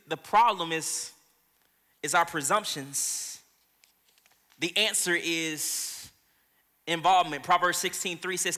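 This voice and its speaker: A man's voice: a little high, pushed and bright, big-room sound. A man, a pastor, preaching a sermon in a casual storytelling way with asides to the congregation. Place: church auditorium.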